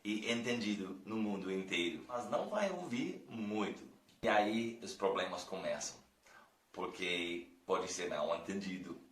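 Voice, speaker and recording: An American man teaching English, explaining phrases and modeling them slowly for learners. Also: low voice, expressive, fairly bright tone, soft background music. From United States. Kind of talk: language lesson. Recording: roomy echo.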